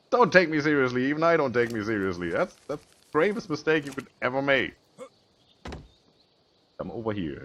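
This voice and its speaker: A man's voice: mid-range voice, a bit bright. Guy with as rambling over his building game, laughs at himself a lot, voice jumps all over, a bit of hiss behind. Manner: rambling, self-mocking, chuckles often. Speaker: gaming video host. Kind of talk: casual let's-play commentary.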